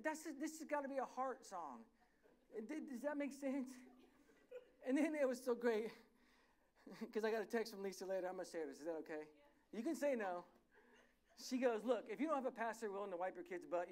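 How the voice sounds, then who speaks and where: High-voiced man preaching a sermon. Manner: animated, self-correcting storyteller. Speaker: pastor. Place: church.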